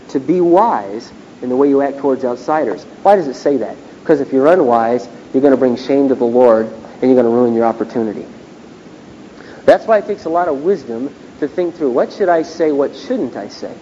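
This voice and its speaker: A man's voice: mid-range voice, warm tone. A middle-aged man, a pastor, preaching a conversational sermon and acting out bits of dialogue from everyday stories. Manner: conversational, storytelling, acts out dialogue. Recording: dull lo-fi recording with faint noise.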